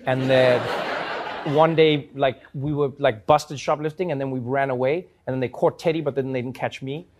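A man with a South African accent telling comic stories to an audience, acting out voices with big jumps in pitch. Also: fairly even intonation, moderate pace, background noise. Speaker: talk show host. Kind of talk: storytelling to a live audience.

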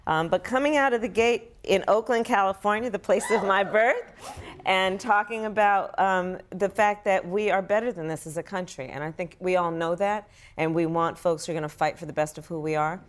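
A middle-aged woman speaking as a guest politician on a talk show, earnest and measured with fillers. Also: mid-range voice. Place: television studio.

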